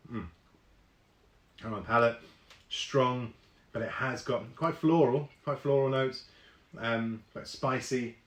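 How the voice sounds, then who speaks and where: A man's voice: mid-range voice, slow pace, long pauses, a bit bright, echoey room. A man hosting a live online whisky tasting, chatting casually with many ums and reading viewer comments aloud.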